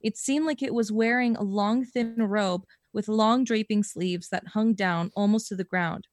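Young woman podcast host reading a story aloud, expressive, dry close sound. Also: medium pitch, measured pace, no room sound. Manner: expressive reading, breaks into laughter and swearing.

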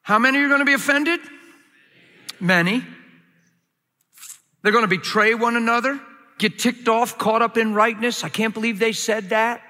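A pastor preaches a sermon in a high, bright, forceful voice at a moderate pace, pausing often. His delivery is emphatic and climbs to excited peaks. A long reverb makes it sound like he's in a large hall.

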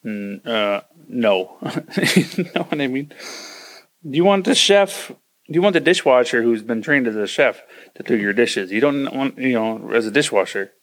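A man's voice: mid-range voice, animated, unhurried. A man hosting a podcast, ranting casually and acting out quoted voices as he gives advice. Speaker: podcast host.

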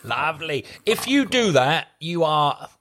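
A man's voice: on the high side, expressive, moderate pace, heavy background noise. A man, co-hosting a casual podcast chat and ranting with plenty of swearing. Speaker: podcast co-host.

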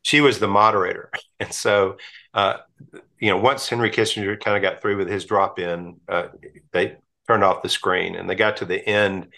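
A man's voice: sits low, fairly even intonation, moderate pace, creaky, pushed and bright. A middle-aged man, a priest and guest, telling stories in casual conversation with frequent restarts. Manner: chatty storyteller, many restarts and laughs.

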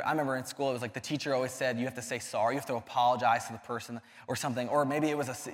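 A man's voice: a little high, fairly bright tone. A young man giving a casual sermon to a youth group, earnest and conversational, often restarting his sentences. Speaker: youth ministry speaker. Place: church hall. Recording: long hall reverb.

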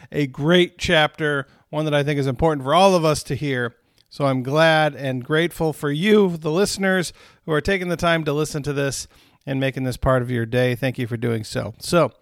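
A man's voice: fairly high pitch, no room sound, studio quality. A man leading a recorded Bible study, teaching in an earnest, conversational way with frequent asides to his listeners.

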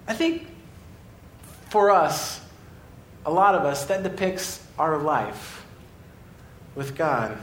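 A man preaches with a fairly high, lively voice that jumps from excited storytelling to quiet, earnest moments. The sermon is recorded in an echoey church room with a faint low rumble underneath. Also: takes it slowly, pauses often. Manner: animated storytelling, swings between excited and quiet. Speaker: pastor.

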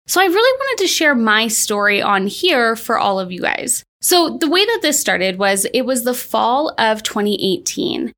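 A woman's voice: a little high, a bit bright. A woman in her thirties hosting a podcast, telling her personal story in an upbeat, chatty way. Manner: upbeat, chatty, frequent "like" and laughs. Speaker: podcast host, launch coach.

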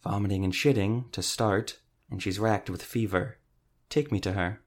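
A man's voice: on the low side, moderate pace, natural voice. A man reading an audiobook, voicing a blunt male doctor who growls his words. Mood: gruff.

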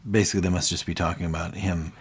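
A man with a fairly low voice recapping a show on a casual podcast. He retells scenes with animation, jumping into quoted lines and trailing into fillers as he goes. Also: steady tone, rapid-fire, slightly rough. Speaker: podcast co-host.

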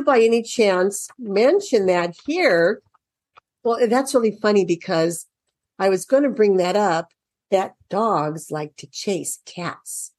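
A woman talks parents through a children's workbook in an unhurried, casual way, her pitch rising and falling freely. She reads passages aloud and answers her own questions as she goes. The sound is dry and close. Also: no echo. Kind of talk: casual explanatory walkthrough.

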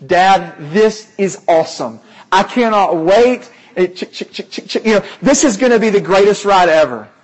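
A man voicing an excited six-year-old boy, raised a little in pitch, within a sermon. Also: moderate pace, rough recording. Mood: thrilled.

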